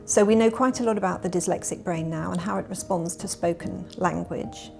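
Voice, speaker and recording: A woman professor, explaining her research in a measured documentary interview. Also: fairly low pitch, gravelly, darkish tone, soft background music.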